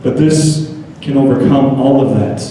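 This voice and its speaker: A man's voice: mid-range voice, a little slow, mellow, a little hiss or hum. An American man giving an earnest, storytelling motivational speech at a school assembly in a school hall. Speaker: motivational speaker. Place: school gym or hall, indoors. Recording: echoey school gym from far off.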